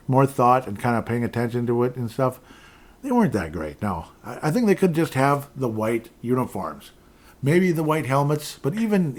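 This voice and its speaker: A man's voice: medium pitch, a little mellow. A man hosting a sports podcast, chatting loosely and reading out listener comments. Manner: rambling, chatty, with restarts and laughs. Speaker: podcast host.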